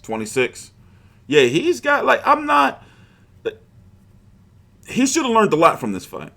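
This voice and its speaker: A man's voice: high-pitched, wildly swooping pitch, a little slow, gravelly, sharp tone. A man hosting a boxing livestream, chatting casually in a rambling, profane, frustrated way.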